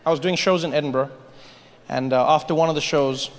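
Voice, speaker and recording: A man doing stand-up comedy, telling stories with animated delivery and acting out characters. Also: a little high, fairly quick, in a large hall. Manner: animated storytelling, acts out characters.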